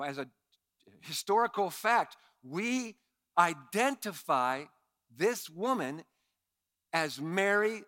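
Animated high-voiced male preacher. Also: no echo, clean studio sound. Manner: animated preacher, acts out quoted lines with big swings in loudness. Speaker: pastor. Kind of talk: sermon.

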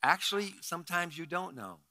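A middle-aged male pastor telling a story in his sermon, animated and acting out the quotes with sudden loud outbursts. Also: high voice, fairly quick.

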